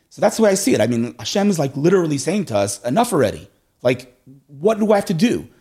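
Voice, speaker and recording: A middle-aged man telling stories in a casual conversation, animated and acting out voices, often checking in with "right?". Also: medium pitch, husky.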